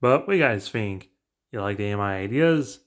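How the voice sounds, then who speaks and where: A man casually narrating a plot recap in a brisk, offhand way. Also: on the low side, animated, over music. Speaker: narrator pitching story ideas.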